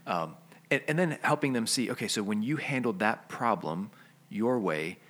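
A man with a low, deep voice talks through a podcast discussion. He explains in a steady, teaching manner, laying out one question after another. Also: normal speed. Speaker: podcast co-host.

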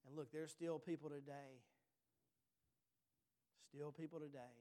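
A man's voice: fairly high pitch, steady tone, unhurried, pauses often, warm tone. A man in his thirties preaching a sermon as pastor, earnest, repeating his questions and checking in with "all right.". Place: church sanctuary. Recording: long reverb in a hall.

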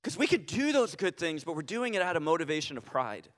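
A pastor with a fairly high voice delivers his sermon from the pulpit. He peppers it with rhetorical questions and restarts, and his words trail off in a long, reverberant sanctuary echo. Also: big pitch swings, brisk. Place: church sanctuary. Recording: reverberant church hall.

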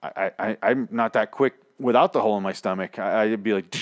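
A man's voice: on the low side, fairly quick, few pauses, no room sound, clean studio sound. A man casually recapping a TV episode on a podcast, rambling and ranting with plenty of swearing.

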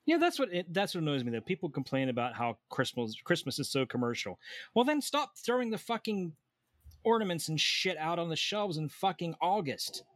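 A man's voice: on the high side, sing-song, brisk, hardly any pauses, fairly bright tone, dry recording. A man co-hosting a casual podcast who reads the show notes aloud and keeps the talk moving. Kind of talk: casual chat.

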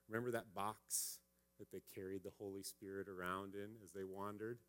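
A man in his thirties giving a conversational sermon as a pastor, often checking in with a quick "right?". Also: low-pitched, level tone, fairly bright tone. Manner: conversational preaching, frequent "right?" asides.

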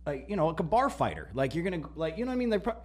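Excitable higher-voiced man chatting. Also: rapid-fire. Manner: excitable, stammering restarts. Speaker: podcast co-host. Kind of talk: casual chat.

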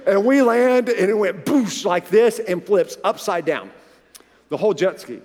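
A man in his forties with a high voice preaches a sermon in a church hall, and his words ring on in the long reverb of the large room. He is an animated storyteller who acts out the dialogue as he goes. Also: measured pace. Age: 40s. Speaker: pastor.

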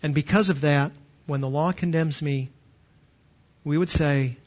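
A middle-aged man delivering a sermon from the pulpit, his voice sitting high. He speaks emphatically, often repeating words as he leans into a point. The recording is muffled and lo-fi, as if captured in a church. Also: measured pace, pauses often, a little mellow. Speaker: pastor.

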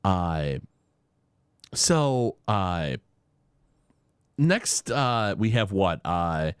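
A man chatting casually on a podcast, retelling a cartoon episode with lots of fillers and quick quoted bits. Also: low-pitched, sing-song, clear, resonant tone, no echo, clean studio sound. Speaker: podcast host.

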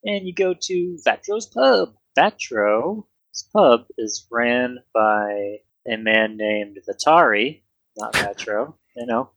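A man's voice: mid-range voice, expressive, slow pace, creaky, a bit bright, dry recording. Laid-back man running a tabletop game. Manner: laid-back, laughing, swears casually. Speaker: game master. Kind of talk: casual tabletop narration.

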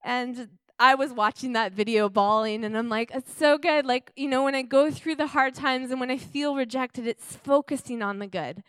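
A young woman preaches with earnest, heartfelt warmth, talking through a story as if to friends. Her voice is smooth and clear. The sound is close and dry, with no room echo. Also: high voice, normal speed, few pauses. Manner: earnest, heartfelt, conversational with many fillers. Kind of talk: sermon with storytelling.

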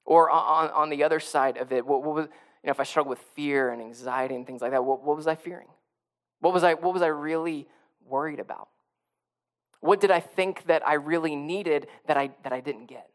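A man's voice: fairly high pitch, brisk, a bit bright. A male pastor preaching a sermon in a conversational way, often repeating and restarting phrases and building to emphatic peaks.

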